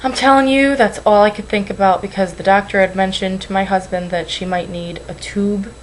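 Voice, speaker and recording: Recorded on poor audio with a little hiss or hum, a young woman's mid-range voice sounds steady and fairly quick. She's a weight-loss vlogger speaking into a webcam at home in an emotional vlog, anxious, tearful, rambling and apologizing.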